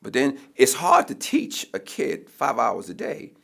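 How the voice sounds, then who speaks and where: A man's voice: medium pitch, huge pitch swings, a little slow, gravelly, fairly bright tone. A middle-aged man from Baltimore, a mayoral candidate, telling a personal story emphatically in a preacherly way and often restarting his words. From Baltimore, USA.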